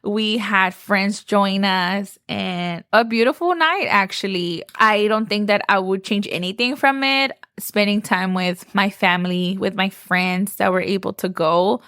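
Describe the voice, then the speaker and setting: A young woman from Texas tells a story on her podcast, gushing and full of "like". Her voice sits at a middle pitch. The close mic gives a dry sound no room in it. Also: unhurried, few pauses, fairly bright tone, clean tone, no room sound. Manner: chatty, gushing, says "like" often. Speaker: podcast host. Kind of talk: casual storytelling.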